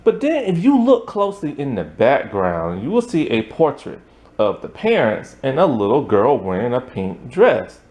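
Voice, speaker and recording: A man runs through a film's plot in a loose, chatty recap, filling his sentences with "like" and "um" and chuckling along the way. His pitch sits in a middle range but swings up and down freely as he tells the story. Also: wildly swooping pitch, normal speed, a little mellow. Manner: rambling, full of "like" and "um", chuckles often. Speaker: film reviewer.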